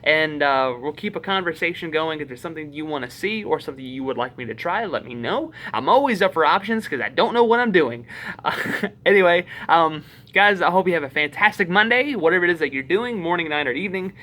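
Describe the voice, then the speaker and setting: A man's voice: fairly high pitch, lively intonation, brisk, bright, forceful tone, slight background noise. A man with a Southern US accent, chatting casually to camera as a YouTube vlogger in a rambling, self-deprecating way.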